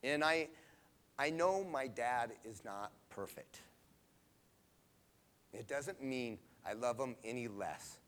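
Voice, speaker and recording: A man's voice: medium pitch, animated, slow, long pauses, fairly bright tone. A middle-aged man telling a personal story in a conversational devotional talk, often checking in with his listeners. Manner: conversational, often adds "right?". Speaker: devotional speaker.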